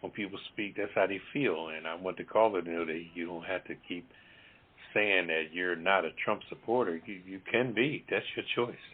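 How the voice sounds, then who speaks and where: Very deep-voiced man on a phone line. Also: husky. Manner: calm, measured, even-handed. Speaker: talk show co-host. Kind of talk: casual talk show chat. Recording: tinny phone-line audio.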